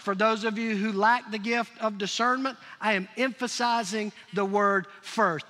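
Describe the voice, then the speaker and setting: A man's voice: high-pitched, fairly even intonation, moderate pace, hardly any pauses, sharp tone. A man preaching a sermon as pastor, emphatic and prodding his congregation to call out answers. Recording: long reverb of a large hall.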